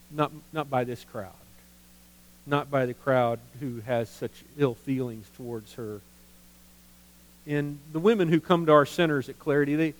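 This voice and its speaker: A man preaching a sermon in an earnest, halting way, often repeating words as he goes. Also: fairly high pitch, low-quality recording. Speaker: pastor of a ministry.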